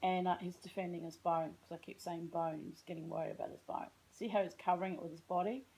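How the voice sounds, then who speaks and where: A woman's voice: lowish voice, steady tone, quick pace, dark tone, low-quality recording. An Australian woman telling a rambling, self-mocking story in a casual vlog, chatting along and drifting off on tangents. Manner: chatty, tangential, self-mocking, slips into put-on American voices. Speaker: vlogger.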